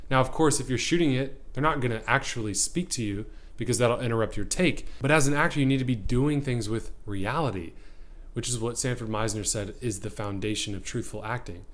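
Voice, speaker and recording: Guy acting coach talking right to camera, punchy and emphatic, mid-pitched voice. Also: a little fast. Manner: energetic, emphatic, addresses viewer directly. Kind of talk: direct-to-camera teaching.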